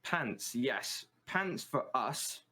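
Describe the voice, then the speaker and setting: A man's voice: medium pitch, animated, drawn-out words, sharp tone, a little hiss or hum. British man, guest on a stream, casual and hesitant, medium voice. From United Kingdom. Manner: hesitant, many ums and restarts. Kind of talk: casual chat.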